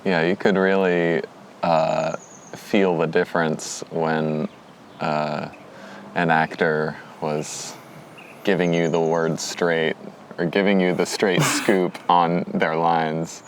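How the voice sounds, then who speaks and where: A man's voice: sits low, level tone, takes it slowly, slight background noise. A man co-hosting a podcast in laid-back, rambling chat, laughing often. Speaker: podcast co-host. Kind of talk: casual chat.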